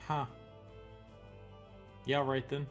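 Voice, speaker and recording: A man playing a tabletop game, making quick, wry, offhand remarks in character. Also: mid-range voice, little pitch movement, faint music behind. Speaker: player. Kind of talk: casual in-character play.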